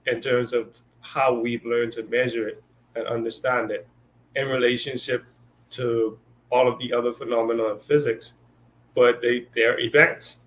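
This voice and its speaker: Male co-host, mid-range voice, easygoing chat that slips into quoted bits. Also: medium pitch. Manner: conversational, lots of fillers and acted-out quotes. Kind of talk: casual spiritual discussion.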